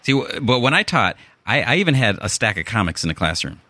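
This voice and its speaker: A man's voice: mid-range voice, very animated, fast, bright, forceful tone, no echo. A man with a Chicago accent, hosting a casual podcast chat and rambling through restarts and fillers. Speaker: podcast host.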